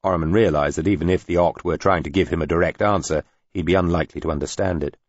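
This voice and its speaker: A man narrating an audiobook in an even, measured reading. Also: low-pitched, no room sound, muffled recording. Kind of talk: scripted narration.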